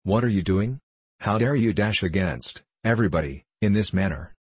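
A man voicing a strict, practical older gentleman who speaks in measured, commanding tones. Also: on the low side, animated, slightly rough, no echo. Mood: reproving. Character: stern older male schoolmaster type, strict, practical.

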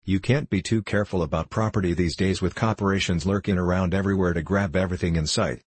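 A man's voice: sits low, fairly even intonation, fast talker, breathy edge, no room sound. A man voicing a queer, folksy old male hatter in a storybook reading. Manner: folksy, says ain't.

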